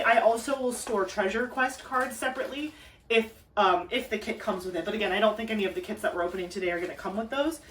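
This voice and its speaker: A woman's voice: on the high side, fairly bright tone, a little hiss or hum. A woman hosting a casual craft unboxing at home, chatty and enthusiastic as she gushes over the details. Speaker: craft video host.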